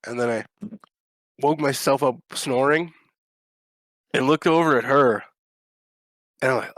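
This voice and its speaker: A man co-hosting a podcast, telling a long anecdote in a casual, profane and animated way, acting out the lines people said. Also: medium pitch, normal speed, pauses often, no room sound. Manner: animated, profane, acts out quotes. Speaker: podcast co-host. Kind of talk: casual storytelling chat.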